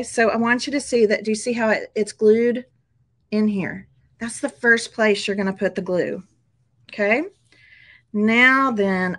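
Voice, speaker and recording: A chatty, upbeat middle-aged woman walks viewers through a craft project at her table. She talks casually, keeps checking in with them, and laughs easily between steps. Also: a little high. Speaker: craft tutorial host.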